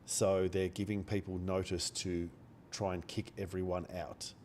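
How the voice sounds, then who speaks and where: A man with a cold, talking quietly and bluntly into a close microphone during a day-trading live stream, swearing now and then. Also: low-pitched, little pitch movement, measured pace, a little hiss or hum. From Australia. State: has a cold. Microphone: microphone held very close.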